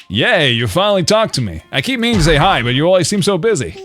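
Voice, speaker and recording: A man's voice: fairly high pitch, a bit bright. A man reading aloud the lines of a chirpy, friendly female dog villager in a game.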